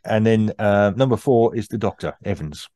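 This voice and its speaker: A man co-hosting a casual podcast chat, talking with frequent ums and pauses and laughing easily. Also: lowish voice, dark tone, no room sound, clean studio sound. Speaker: podcast host.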